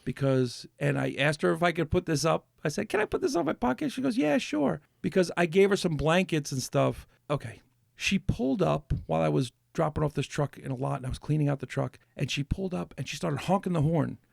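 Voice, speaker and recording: A man in a casual podcast chat, rambling through a story and restarting his sentences as he goes. His voice sits a little high and carries a gravelly fry. The sound is dry and close to the mic. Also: brisk, no room sound. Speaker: podcast host.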